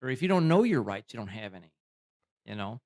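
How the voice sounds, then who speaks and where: A man co-hosting a casual podcast chat, animated, laughing often and restarting his sentences. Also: mid-range voice, quick pace. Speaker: podcast co-host.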